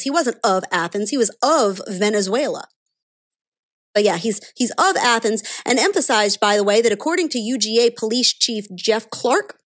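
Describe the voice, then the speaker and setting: A woman's voice: on the high side, lively intonation, moderate pace. Sarcastic woman commentator. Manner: sarcastic, mocking, indignant. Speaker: political commentator. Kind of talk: opinion monologue.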